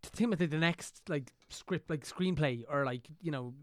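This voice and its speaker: A man's voice: on the high side, normal speed, no echo. A man hosting a casual podcast, asking easygoing questions. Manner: easygoing questioner, chuckles often. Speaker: podcast host.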